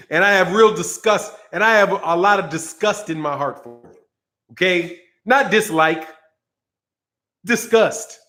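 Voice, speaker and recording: Man, high-pitched voice, boxing channel host, heated casual rant, profane, repetitive. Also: bright, forceful tone. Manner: heated, profane, repeats himself, breaks into laughter. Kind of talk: casual ranting commentary.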